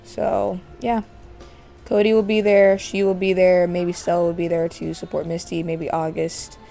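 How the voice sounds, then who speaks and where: A woman's voice: lowish voice, little pitch movement, moderate pace, vocal fry, dark tone, faint music behind. A woman hosting a casual let's-play, chatting as she narrates her game. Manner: chatty, narrates while playing. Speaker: gaming channel host.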